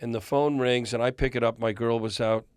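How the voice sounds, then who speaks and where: An older man who works as a record executive is a guest on a podcast, spinning a long anecdote as an animated storyteller and chuckling often. His medium-pitched voice is brisk with a clean tone, captured in clean studio sound with no echo.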